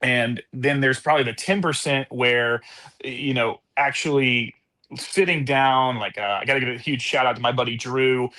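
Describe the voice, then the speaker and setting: A man chats loosely as a podcast guest, easygoing and quick to laugh at himself. His voice sits at an ordinary middle pitch. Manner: relaxed, laughs easily, self-deprecating. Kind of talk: casual podcast chat.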